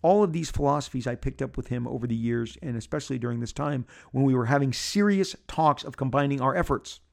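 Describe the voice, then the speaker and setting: A man hosting a podcast, telling a story in a casual, rambling way with many asides, jumping up high in pitch when he acts out what people said. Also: fast talker, vocal fry. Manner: excitable, acting out quotes with big jumps up in pitch. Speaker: podcast host.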